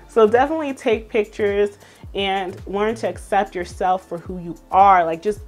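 A woman's voice: mid-range voice, normal speed, faint music behind. A young woman, talking straight to her viewers in a casual motivational vlog, sassy and emphatic, laughing often. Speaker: vlogger.

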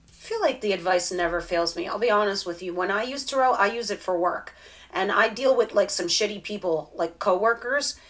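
A woman's voice: mid-range voice, fairly quick, fairly bright tone. A woman giving a casual tarot reading straight to the viewer, chatty and direct. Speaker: tarot reader.

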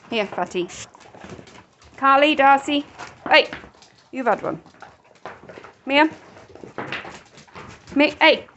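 A woman's voice: high voice, slow, long pauses, a bit bright, highs cut off, slight background noise. A woman casually talking to a crowd of dogs, calling them by name, praising and scolding them with firm commands. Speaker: dog rescue carer.

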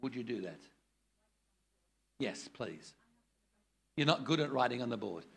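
An older man teaches preachers in a blunt, joking way. His voice is gravelly and a little husky, and it sits fairly high. His pitch swings widely as he acts out examples. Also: expressive, a little slow. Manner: blunt, jokey, demonstrates tones of voice. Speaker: preaching trainer.

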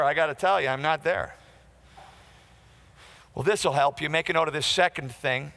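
A man's voice: a little high, normal speed, vocal fry, long pauses, sharp tone, long reverb tail. A man preaching a sermon to a congregation, emphatic and conversational, asking the listeners questions and acting out quoted remarks. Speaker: pastor.

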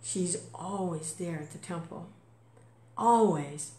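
A woman's voice: lowish voice, slow pace, mellow. Older woman, emotional, in a roomy space. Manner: emotional, exclaiming, laughs often. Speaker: devotee sharing reflections. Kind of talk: casual spiritual talk. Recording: roomy with faint background noise.

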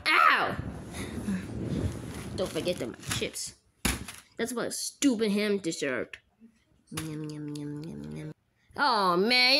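A woman's voice: on the low side, big pitch swings, slow pace, long pauses, pushed and bright, a little hiss or hum. A woman voicing every character in a goofy plush toy skit, switching between silly squealing voices.

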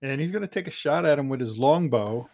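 Gravelly, husky man player on lo-fi audio. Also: medium pitch, lively intonation, brisk, a little mellow. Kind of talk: casual tabletop play.

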